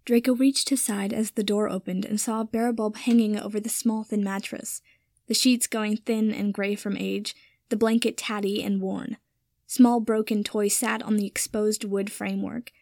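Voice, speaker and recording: A woman's voice: medium pitch, flat delivery, moderate pace, vocal fry, a little mellow, no room sound. Woman reading a story in a dry voice. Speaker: reader. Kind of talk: audiobook-style story narration.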